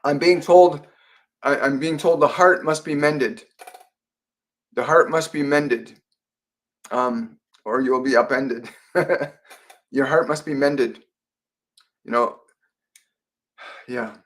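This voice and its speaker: A man from Canada hosting a live psychic Q&A stream, speaking gently with frequent fillers and repeated phrases as he relays messages. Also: mid-range voice, fairly even intonation, slow, pauses often. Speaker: psychic medium host.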